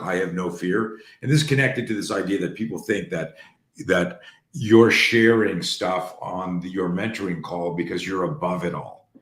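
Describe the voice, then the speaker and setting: A man with a very low voice tells stories casually and with energy. He restarts his sentences often and swears freely. He sounds like he is in a roomy space with a clear echo. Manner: animated, profane, restarts often. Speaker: host. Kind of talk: casual storytelling talk.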